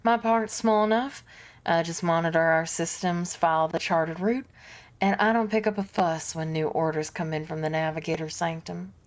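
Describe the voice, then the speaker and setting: Woman doing a gruff Southern helmsman. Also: on the low side, steady tone, moderate pace, pitched below the performer's own voice, close to an everyday voice. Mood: grumbling. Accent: put-on American Southern. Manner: blunt, folksy, grumbling. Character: gruff veteran male starship helmsman. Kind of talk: reading game dialogue aloud.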